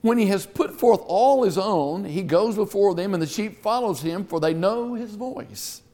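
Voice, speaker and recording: A man's voice: high-pitched, animated, moderate pace, dark tone. A man preaching a Bible teaching sermon, earnest, often repeating himself as he reads scripture aloud.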